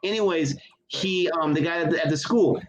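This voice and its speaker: A man's voice: on the high side, moderate pace, a crowd in the background, rough recording. A man in his thirties co-hosting a casual movie review chat, gushing with enthusiasm. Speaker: co-host of a movie review show. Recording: connection issues on the audio.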